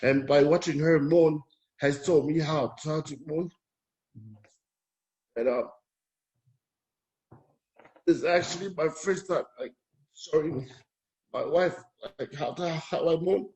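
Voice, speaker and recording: A Polynesian man talking candidly as a guest, in a hesitant, halting, soft-spoken way. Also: a little high. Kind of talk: candid personal conversation.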